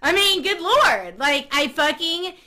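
A woman playing a crude, excitable female superfan who swears constantly and talks dramatically. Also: very high voice, a little slow, slight background noise, full character voice. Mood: ranting. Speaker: fan club member. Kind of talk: comedy sketch acting.

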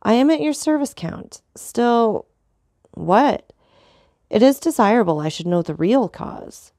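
A woman's voice: fairly high pitch, very animated, unhurried, dark tone, no echo, pitched above the performer's own voice. Anxious loyal young man, earnest, pleading, dry sound, woman reading.

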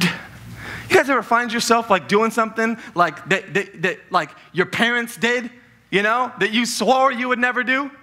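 Man, pastor, sermon in a church, bright edgy voice, casual and joking. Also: very high-pitched, normal speed. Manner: lively, conversational, jokes with the congregation. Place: church sanctuary.

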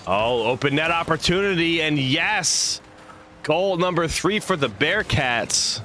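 A man's voice: on the high side, lively intonation, measured pace, pushed and bright, slight background noise. A young man casting a video game match live, playful and full of made-up silly words, chatting with his viewers between plays. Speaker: esports caster and streamer.

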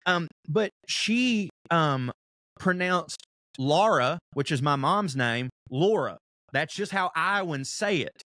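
A young man, co-hosting a podcast in casual, animated chat, telling stories and swearing freely. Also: a little high, takes it slowly, hardly any pauses, dry recording, studio quality. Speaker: podcast co-host.

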